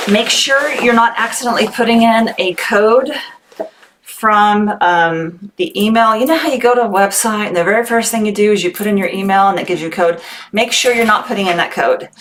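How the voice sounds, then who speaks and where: A woman hosting a casual livestream, chatting with viewers and reading their comments aloud. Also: on the high side. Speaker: livestream seller host. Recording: noisy livestream audio.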